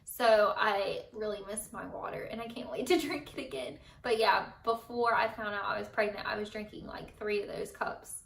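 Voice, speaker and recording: A woman's voice: medium pitch, fairly even intonation, normal speed, gravelly, hardly any pauses, fairly bright tone, recorded from a distance. A young woman, a mother, chatting casually to camera in a rambling way, with many fillers and small laughs. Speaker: vlogger, mother. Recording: echoey room, voice set back from mic.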